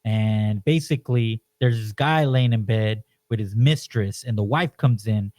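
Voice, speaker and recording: A man co-hosting a podcast, talking in an animated, emphatic way and leaning on "you know" as he tells stories. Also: lowish voice, unhurried. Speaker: podcast co-host. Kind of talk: casual podcast chat.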